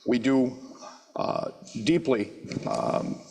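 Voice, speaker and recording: A man leading a church service, making wry jokes and halting on fillers. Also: mid-range voice, huge pitch swings, vocal fry, darkish tone, breathy edge. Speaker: service leader. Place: church sanctuary. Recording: long reverb of a church hall.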